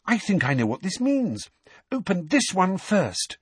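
A man voicing Hermione, a clever, excitable schoolgirl witch who talks breathlessly and eagerly in an audiobook. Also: on the high side, normal speed, husky, no echo, pitched above the performer's own voice. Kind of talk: audiobook character voice.

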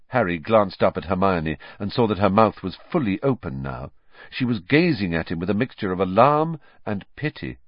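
A man narrating an audiobook in a measured, expressive storytelling manner. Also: low voice, no echo. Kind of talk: scripted narration. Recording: dull lo-fi dry recording.

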